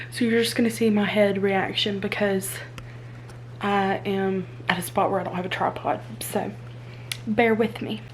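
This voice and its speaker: A young woman with a drawl talks casually to her phone camera, excitable and full of rhetorical questions. Her pitch sits in a middle range. A faint hum runs in the background. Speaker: book vlogger. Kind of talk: casual reading vlog chat. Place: indoors, then moving between spots without a tripod.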